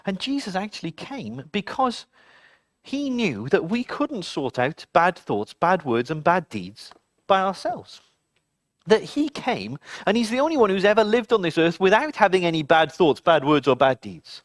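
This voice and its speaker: A man telling a story to children in an animated, dramatic way, speaking to the kids directly. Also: sits high, normal speed, dry recording, clean studio sound.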